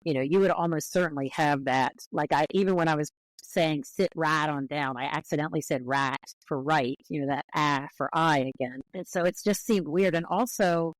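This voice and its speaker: A woman's voice: deep voice, brisk, no echo, low-quality recording. A woman guest on an interview, speaking as a linguist in a careful, explanatory way with frequent restarts.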